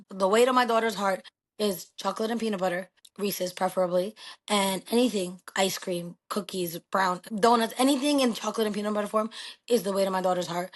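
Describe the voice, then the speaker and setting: A middle-aged woman of Pakistani heritage in a casual podcast chat, talking in an animated, emphatic way and swearing freely. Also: medium pitch, a little fast. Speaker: podcast guest.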